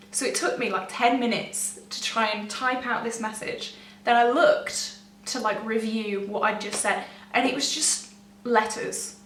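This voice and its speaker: A young woman speaks casually to her camera, her fairly high voice wandering through the story with restarts and nervous little laughs. She sits some way from the mic in an echoey room, with a faint hum underneath. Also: a bit bright, far from the mic. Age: young adult. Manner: rambling, self-interrupting, laughs nervously. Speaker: vlogger.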